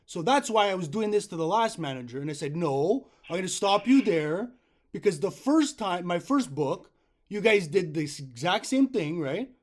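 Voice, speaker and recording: A man's voice: high-pitched, sing-song, normal speed. A man, a self-publishing author, making a frustrated complaint call to customer support and often tagging his points with "right?". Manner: frustrated, insistent, keeps asking 'right?'.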